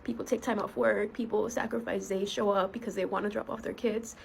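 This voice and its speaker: A woman in her thirties talks through a heartfelt, halting personal video, her voice breaking off and restarting. There is a gravelly fry in her tone and a faint hiss under the recording. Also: medium pitch, fairly even intonation, a little mellow, low-quality recording. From United States. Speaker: school therapist.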